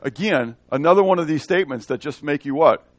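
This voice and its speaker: A pastor whose voice is a little high talks fairly quickly, with no echo, through a verse-by-verse expository sermon. Animated, he quizzes the congregation and acts out the dialogue, changing voices as he goes.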